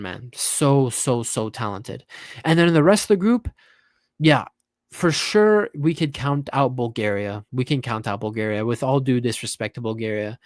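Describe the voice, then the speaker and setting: A young man giving casual, opinionated football reaction commentary, tired and animated by turns and often repeating himself. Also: medium pitch, dry recording, studio quality. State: tired, yawning.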